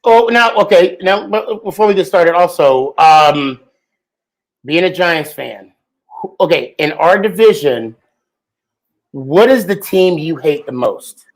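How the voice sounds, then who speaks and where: Chatty, fairly high-voiced man hosting a podcast. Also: a little slow, low-quality recording. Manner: chatty and joking, lots of fillers. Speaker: podcast host. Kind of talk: casual podcast chat.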